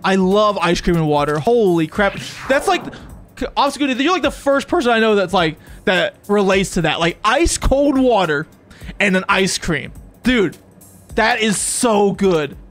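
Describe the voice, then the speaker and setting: A streamer chatting casually during a live gaming session, excitable and rambling, often stammering and repeating words. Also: medium pitch, a little slow, faint music behind.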